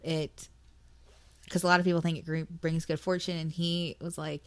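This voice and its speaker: A woman's voice: low-pitched, flat delivery, moderate pace, no room sound. A woman co-hosting a podcast, talking casually and emotionally about a book, swearing and laughing often. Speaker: podcast co-host.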